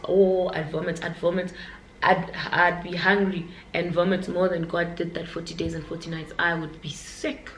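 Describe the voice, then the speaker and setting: A woman's voice: lowish voice, level tone, normal speed. A young woman chatting candidly to her viewers in a casual vlog, talking straight to them. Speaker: vlogger. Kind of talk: casual chat to camera. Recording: echoey room with faint noise.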